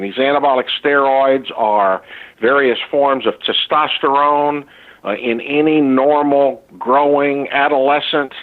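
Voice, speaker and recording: An older man, a foundation founder, answering interview questions in an earnest, halting way with many fillers and restarts. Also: medium pitch. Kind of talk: recorded interview, earnest testimony. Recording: tinny phone-like line.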